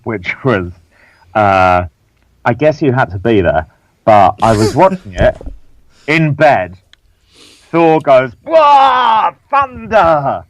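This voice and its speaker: A man's voice: mid-range voice, low-quality recording. A young man, guest hosting a casual podcast chat, joking, swearing and laughing easily. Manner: jokey, swears, quick to laugh. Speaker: guest host.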